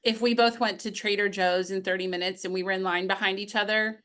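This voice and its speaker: A woman's voice: mid-range voice, fairly even intonation, quick pace, fairly bright tone. A woman sales coach answering interview questions, telling upbeat stories from her calls and laughing now and then. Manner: storytelling, upbeat, laughs while telling anecdotes.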